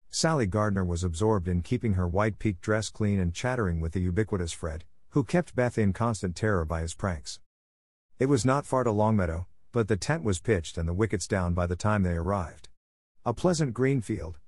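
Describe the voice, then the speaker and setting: A man narrating a classic novel audiobook in a steady, measured reading on a close mic. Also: lowish voice, dry recording.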